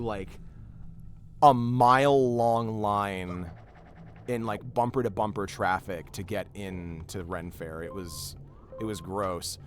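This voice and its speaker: A young man in casual chat on a game stream, rambling through anecdotes with lots of filler. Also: mid-range voice. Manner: rambling storyteller, swears heavily when riled up. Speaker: streamer and voice actor.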